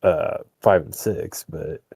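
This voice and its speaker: A man's voice: slow pace, dark tone, dry recording. A man co-hosting a casual podcast, talking in an easygoing way that trails off and hedges often. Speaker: podcast co-host. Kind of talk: casual chat.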